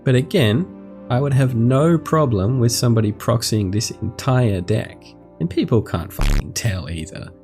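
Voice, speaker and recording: A young man hosting a casual card game deck review, joking and swearing freely as he talks. His pitch jumps around in a lively, animated way, and faint background music sits behind his voice. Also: moderate pace. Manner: irreverent and profane, jokey asides. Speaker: host.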